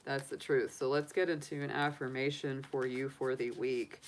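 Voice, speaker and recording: A woman giving a live tarot reading in a chatty, animated way, laughing often between points. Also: very deep voice, normal speed. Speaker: tarot reader.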